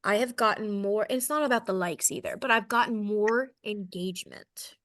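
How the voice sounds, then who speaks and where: This thirties-aged woman speaks at a normal speed in a mid-range, slightly bright voice with a Southern American accent. She delivers a candid, relaxed sales training talk, making fun of herself and frequently asking "okay?"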